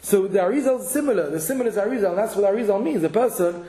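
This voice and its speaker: A Torah teacher fires off a halachic lesson at rapid speed, his fairly high, dark-toned voice full of lively intonation. He thinks aloud, frequently restarts and repeats words, and uses plenty of Hebrew and Yiddish terms in an echoey room.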